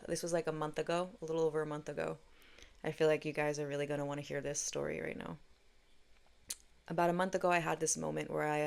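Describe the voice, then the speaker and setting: Low, gravelly woman talking spirituality. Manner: earnest and candid, with casual swearing. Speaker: spiritual podcast host. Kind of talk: reflective spiritual monologue.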